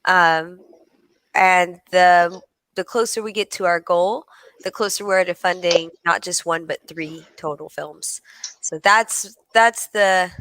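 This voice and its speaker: A woman's voice: fairly low pitch, slow pace, fairly bright tone, no echo, rough recording. A woman in a casual chat about fan films, upbeat and chatty. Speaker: fan film actress.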